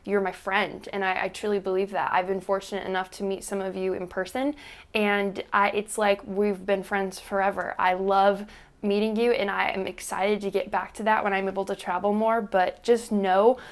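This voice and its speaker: An earnest young woman speaks straight to her viewers in a vlog. She rambles and restarts, sounding moved and close to tears, in a voice of ordinary middle pitch. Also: level tone, moderate pace. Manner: earnest, emotional, on the verge of tears. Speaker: YouTube creator. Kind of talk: heartfelt vlog thank-you speech.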